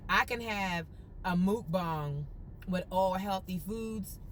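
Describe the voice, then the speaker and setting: A woman's voice: medium pitch, takes it slowly, slight background noise. A woman live-streaming from a car on her phone, chatting casually with her viewers in a folksy, upbeat way. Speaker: vlogger.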